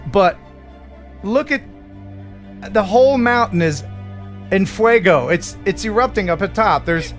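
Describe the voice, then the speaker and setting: A male host chatting casually on a live stream, his pitch rising and falling widely. He exclaims and laughs often, with faint music underneath. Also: expressive, unhurried, long pauses.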